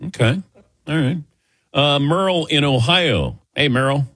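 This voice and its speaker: Animated jokey sports radio host man. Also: on the high side, measured pace, no echo, studio quality. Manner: jokey, teasing co-hosts. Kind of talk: casual radio chat.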